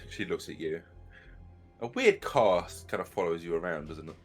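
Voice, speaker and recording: A man's voice: sits low, animated, a little slow, faint music behind. A man narrating as game master of a tabletop role-playing game, describing scenes casually.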